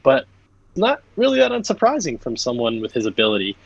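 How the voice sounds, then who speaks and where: A man's voice: medium pitch, wildly swooping pitch, fairly quick, creaky, slightly rough, no room sound, dull audio. A young man acting as game master, narrating casually and rambling with many fillers and restarts.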